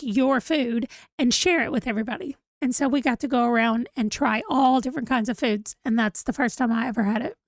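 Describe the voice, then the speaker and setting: A chatty woman hosts a casual livestream. She rambles, reads viewer comments aloud, and sounds a little tired. Her voice sits a bit high, recorded close and dry. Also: dry recording. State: yawning, tired. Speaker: livestream host.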